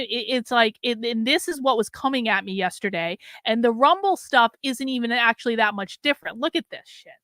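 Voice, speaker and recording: A middle-aged woman hosting her own show, talking casually and rambling in an exasperated way, sounding drained and low on energy. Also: fairly quick, few pauses, fairly bright tone, no room sound, studio quality. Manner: rambling and exasperated, heavy on fillers. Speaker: host. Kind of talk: casual solo commentary.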